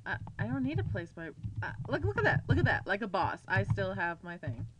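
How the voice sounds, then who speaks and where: A woman's voice: mid-range voice, sing-song, fairly quick, very noisy. Jumpy, swearing woman gamer. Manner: jumpy and easily scared, swears a lot. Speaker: let's player. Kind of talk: horror game commentary. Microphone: desk mic.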